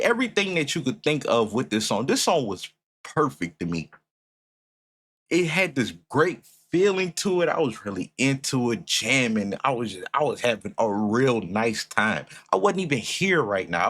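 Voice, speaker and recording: A man streaming a music reaction, talking casually and swearing often, swinging between loud outrage and low muttering.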